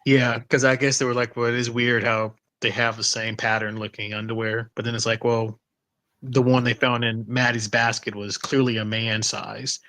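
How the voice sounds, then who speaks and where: A man's voice: medium pitch, little pitch movement, pushed and bright. Laid-back man chatting as a livestream guest. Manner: laid-back, agreeable, quick backchannel replies. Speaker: guest co-host. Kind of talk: casual livestream chat.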